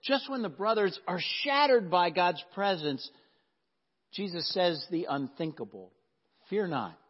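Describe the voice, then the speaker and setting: A man preaching a sermon as pastor, earnest and emphatic, often dropping to a hush. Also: high voice, expressive, a little slow. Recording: dull sound with long hall reverb.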